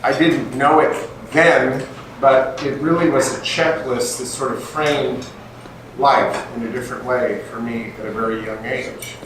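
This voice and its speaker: An older man giving a storytelling talk to a group, animated and acting out the dialogue in his anecdotes. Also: medium pitch, measured pace. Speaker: guest speaker. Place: meeting room with an audience. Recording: echoey room, distant mic, faint noise.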